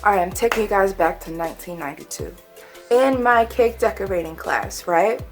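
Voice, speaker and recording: A middle-aged woman tells a cake-decorating story in a chatty, bubbly way at home. Her voice sits at an ordinary pitch for a woman but leaps up high in excited exclamations. Faint music plays underneath. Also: fairly quick. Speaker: cake decorator and channel host. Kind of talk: casual storytime vlog.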